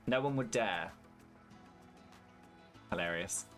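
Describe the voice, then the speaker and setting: A man's voice: sits low, animated, slow pace, a bit bright, soft background music. A British man with a British English accent, chatting casually and swearing freely while streaming a farming game and answering his chat. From United Kingdom.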